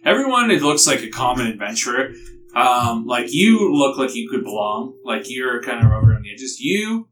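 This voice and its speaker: A man's voice: medium pitch, sing-song, normal speed, far from the mic, background noise. A man narrating a tabletop game as game master, loose and rambling with many fillers.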